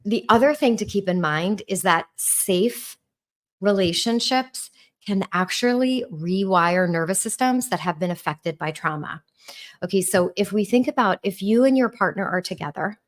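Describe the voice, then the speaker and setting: A middle-aged relationship coach from New York, with a New York accent and a lowish voice, talks on a podcast. Her tone is warm and calm, with intonation that rises and falls.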